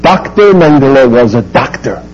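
A man's voice: medium pitch, lively intonation, moderate pace, darkish tone, lo-fi sound, a little hiss or hum. A man giving an emphatic talk to a live audience, full of rhetorical questions. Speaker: speaker lecturing an audience.

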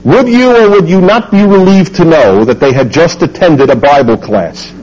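A man's voice: a little high, moderate pace, dull audio, noisy background. A man giving an emphatic talk to a live audience, full of rhetorical questions. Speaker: speaker lecturing an audience.

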